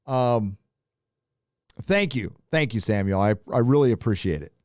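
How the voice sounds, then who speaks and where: A man's voice: mid-range voice, animated, a little slow, a little mellow, no echo, studio quality. A middle-aged man from California hosting a live stream, rambling and swearing casually while holding his mic. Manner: loose, rambling and profane, with frequent filler. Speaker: live stream host reading super chats. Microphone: handheld mic.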